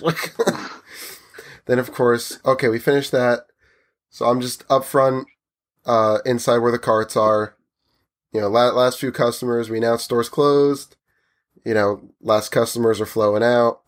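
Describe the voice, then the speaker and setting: A man chatting casually and telling a story at an even middle pitch. He slips into voices for the people in his tale and lets his tone rise and fall with it. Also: unhurried.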